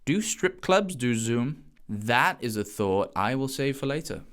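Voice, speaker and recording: A man's voice: mid-range voice, sing-song, a little slow, smooth. A man doing wisecracking, sarcastic comedic commentary on news stories. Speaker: comedy vlogger.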